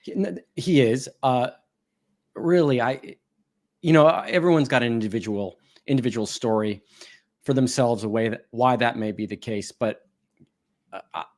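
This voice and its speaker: A man's voice: medium pitch, normal speed, a little mellow. A man hosts an interview in a casual chat style. He talks hesitantly and restarts his sentences as he reacts. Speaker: host.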